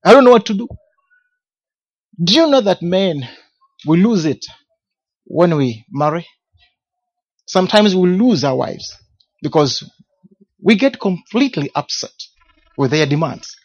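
Male minister giving a testimony sermon, emphatic with rhetorical questions, husky voice, muffled lo-fi sound. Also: high voice, very animated, a little slow, pauses often. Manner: emphatic, repeats key words, rhetorical questions. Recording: dull lo-fi recording.

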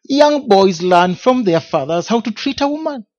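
A man's voice: high voice, expressive, moderate pace, a little mellow. A man preaching a sermon as a personal testimony, emphatic, repeating key words and asking rhetorical questions. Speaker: minister of a men's ministry. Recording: dull lo-fi recording.

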